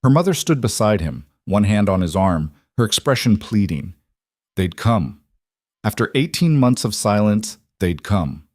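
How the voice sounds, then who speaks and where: Male narrator, scripted story; measured, low, dry. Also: big pitch swings, darkish tone, dry recording.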